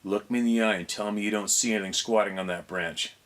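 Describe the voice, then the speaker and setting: Insistent teenage boy, read by a deep-voiced man. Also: steady tone, quick pace, lightly acted. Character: defiant teenage boy, the story's narrator.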